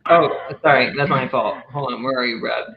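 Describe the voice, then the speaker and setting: A man hosting an online cabaret trivia game over a video call, upbeat and quick to apologize. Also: medium pitch, fairly even intonation, gravelly, a loud crowd. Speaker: host. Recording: dull lo-fi video call audio.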